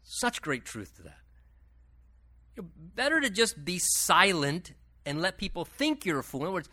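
Male pastor, Bible teaching, lively swooping delivery, slightly high voice, chatty asides. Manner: conversational and animated, with asides and quick self-corrections.

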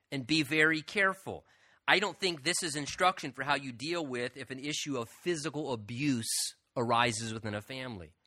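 A man's voice: mid-range voice, pushed and bright, no room sound, clean studio sound. A man preaching a sermon as pastor, conversational and earnest with joking asides.

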